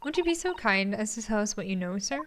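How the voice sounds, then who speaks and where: A woman's voice: mid-range voice, animated, fast talker, background noise, lightly acted. A woman reading a polite young male detective with formal, courteous questions, game music behind. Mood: earnest.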